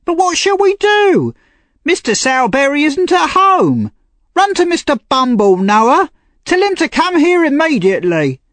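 A man voicing a fretful, tearful middle-aged shopkeeper's wife who fusses in a shrill voice, for a storybook reading. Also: wildly swooping pitch, unhurried, hardly any pauses, a bit bright, husky, no echo, heavily acted. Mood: frightened. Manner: high, fussing, shrill.

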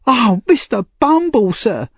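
A man's voice: mid-range voice, very animated, a little slow, a little mellow, dry recording. A man voicing a whiny, cowardly teenage boy who pleads shrilly, for a storybook reading. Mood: whining.

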